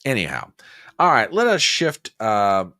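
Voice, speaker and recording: A man's voice: fairly low pitch, wildly swooping pitch, unhurried, sharp tone, dry recording, studio quality. A man hosting a casual news commentary livestream, folksy and chatty as he talks straight to his viewers. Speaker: host.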